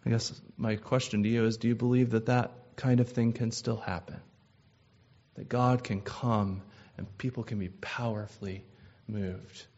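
A man preaching a sermon in a measured, earnest way, with frequent "uh" restarts. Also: fairly low pitch, little pitch movement, darkish tone. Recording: slightly dull lo-fi sound.

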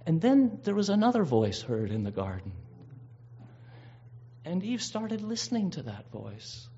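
A man's voice: high voice, wildly swooping pitch, measured pace, dark tone, slight background noise. A man preaching a sermon, earnest and emphatic, drawing out key words and often restarting his phrases. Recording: dull lo-fi recording.

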